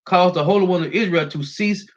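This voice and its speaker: Emphatic preacher man, lo-fi sound. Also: brisk. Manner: emphatic, repetitive, ends phrases with a low "man". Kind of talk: street-style sermon with scripture reading.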